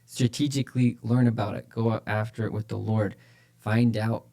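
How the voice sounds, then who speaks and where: A man's voice: fairly low pitch, little pitch movement, moderate pace, gravelly, mellow. A man co-hosting a church podcast, talking casually and with energy about faith, often repeating phrases for emphasis. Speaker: podcast co-host, church leader.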